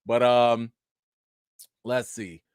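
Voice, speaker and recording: A man hosting a casual live stream, teasing viewers with loud mock outrage and slangy talk. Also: very slow, clear, resonant tone, no echo, studio quality. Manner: animated, teasing, swings between loud mock outrage and low mumbling; slangy casual speech with frequent restarts. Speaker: host of a live chat show.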